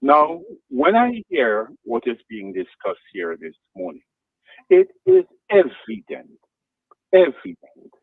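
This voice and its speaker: A man on a radio talk show asks careful, deliberate leading questions. His pitch rises and falls in a lively way. The sound is dry and narrow, like a phone line. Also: dry recording.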